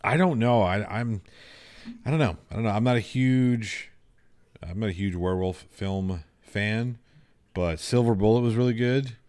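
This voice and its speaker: A man's voice: lowish voice, normal speed, a little mellow. A man co-hosting a horror podcast, steering the talk and making dry, joking asides in casual banter. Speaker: podcast co-host.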